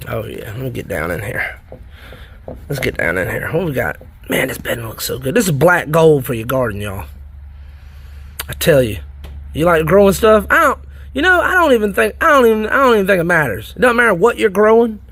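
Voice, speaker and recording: His pitch is fairly high and his delivery fairly quick. The speaker, a South Carolina worm farming vlogger, films his worm bins while chatting casually in a folksy, rambling, easily excited manner.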